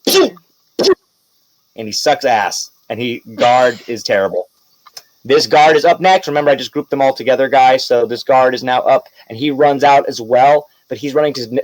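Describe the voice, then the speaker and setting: A man's voice: a little high, dry recording, low-quality recording. A man running a tabletop role-playing game as game master, narrating casually with laughs and swearing.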